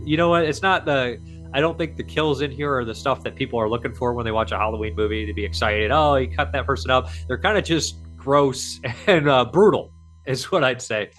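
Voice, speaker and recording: Male host, casual and chatty, asking quick questions, light music in the background. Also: mid-range voice, a bit bright, low-quality recording. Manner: chatty, quizzing a guest. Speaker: podcast host. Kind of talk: casual conversation.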